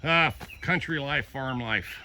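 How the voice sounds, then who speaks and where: A man's voice: medium pitch, takes it slowly, pushed and bright, a little hiss or hum. A man vlogging casually, walking through his garden and telling folksy stories. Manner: folksy storyteller. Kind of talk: casual vlog walk-through. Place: rural garden outdoors.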